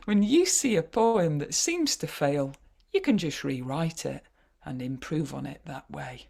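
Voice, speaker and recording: A woman with a Yorkshire accent leads an online poetry workshop, talking in a chatty, wry way with plenty of hesitations. Her voice has a gravelly, husky edge, and she comes through a video call. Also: deep voice, animated, takes it slowly, darkish tone.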